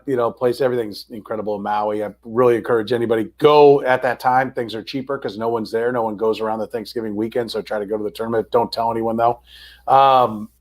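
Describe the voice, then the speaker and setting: A man co-hosts a casual sports podcast at a middle pitch. He tells anecdotes in a chatty way and drops into other people's voices as he goes. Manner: chatty anecdote teller, acts out quoted voices. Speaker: podcast co-host. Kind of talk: casual sports talk, storytelling.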